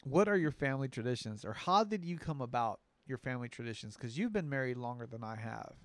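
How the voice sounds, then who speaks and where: Animated man telling stories on a podcast. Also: mid-range voice, fast talker, no echo. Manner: animated storyteller, acts out quoted voices. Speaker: podcast co-host. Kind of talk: casual chat.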